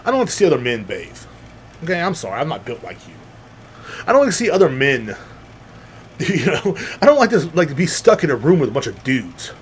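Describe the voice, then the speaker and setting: A man's voice: a little high, fairly quick. Young guy ranting on his podcast, voice jumps all over, bit of hiss. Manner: rambling, animated, acts out quoted people. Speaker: podcast host. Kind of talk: casual monologue.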